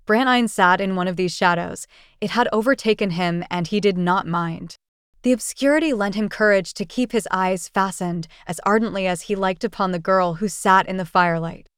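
A woman narrating a classic short story in a measured, even audiobook reading. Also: mid-range voice, smooth, no room sound, clean studio sound.

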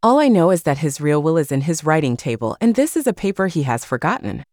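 Woman reading as a spiteful, shrill princess. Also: very animated, fast, darkish tone, no echo, studio quality. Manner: shrill, hissing, vicious. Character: eldest princess, excitable and spiteful.

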